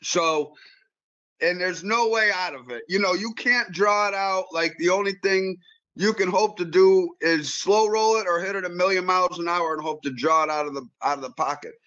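High-voiced man telling a lively profane story. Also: normal speed, dull audio. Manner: animated, profane, repeats words. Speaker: guest pool player. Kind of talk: casual storytelling.

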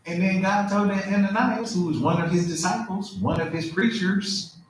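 A middle-aged male pastor preaching in a lively, conversational way with humor. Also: high-pitched, moderate pace, a little hiss or hum. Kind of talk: sermon. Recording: echoey church hall.

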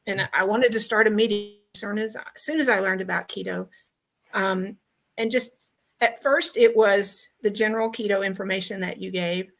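A woman's voice: mid-range voice, fairly bright tone. A woman from Texas calling in to a podcast over video, giving a heartfelt, grateful testimonial with many ums and restarts. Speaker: guest caller.

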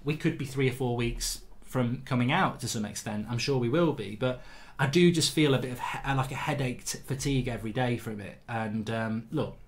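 A man hosting his show, casually telling a school story to viewers and acting out loud quotes, then saying he feels fatigued. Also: medium pitch, normal speed. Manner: animated anecdotes with loud acted-out quotes. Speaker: host.

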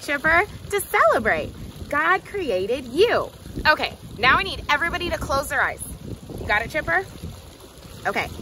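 Lively high-voiced woman teaching preschoolers. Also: a little hiss or hum. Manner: animated, calls out to children and a puppet dog. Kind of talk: children's Bible lesson.

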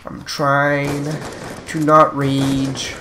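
A man's voice: mid-range voice, completely flat delivery, extremely slow, background noise. A man giving casual gameplay commentary who rambles between topics and grows frustrated, swearing at the game. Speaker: gaming channel host.

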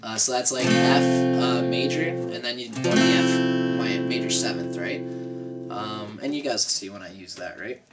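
A man's voice: medium pitch, normal speed. A man giving a casual guitar lesson. He counts beats aloud, chats loosely and keeps checking in with "right?", with his own guitar playing under his speech. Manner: chatty and loose, tags explanations with "right?". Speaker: guitar teacher. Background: his own acoustic guitar playing.

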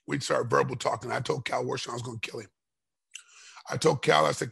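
A middle-aged man, a former fighter, telling a rambling story in a podcast interview and getting loud and heated as it goes. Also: medium pitch, fast talker, vocal fry, slightly rough. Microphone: podcast microphone.

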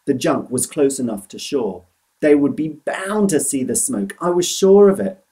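A man reading a children's novel aloud in an expressive, animated storytelling manner. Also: mid-range voice, normal speed, poor audio.

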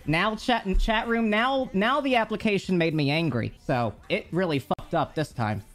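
A man streaming live from his home bedroom, chatting casually, excitable and swearing, quick to get frustrated. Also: sits high, faint music behind. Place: home bedroom with a slanted wall. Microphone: streaming mic, moving off-camera at times.

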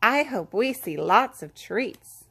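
A woman's voice: on the high side, lively intonation, slow pace, creaky, fairly bright tone, slightly rough, exaggerated voice. A woman voicing a cheerful male duck dressed as a ghost, chirpy and upbeat.

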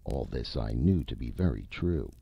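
A man reading a classic short story aloud in a measured, expressive storytelling manner. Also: a bass voice, gravelly, breathy edge, dry recording. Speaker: audiobook reader. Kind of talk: storytelling narration. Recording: dull lo-fi recording.

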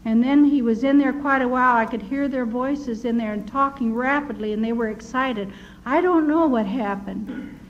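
An older woman giving an earnest personal testimony, telling her story in a measured way with restarts. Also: a little high. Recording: dull lo-fi recording with faint noise.

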